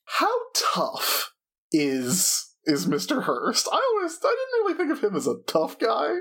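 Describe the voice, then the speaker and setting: Husky-voiced man running a tabletop game. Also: very high voice, huge pitch swings, measured pace, pushed and bright. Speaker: game master.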